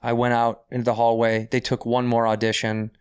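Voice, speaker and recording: A man tells a story in casual chat, with a smooth and resonant voice. He is animated, acts out the voices of the people he quotes, and swears freely. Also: mid-range voice, fairly quick. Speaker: podcast guest.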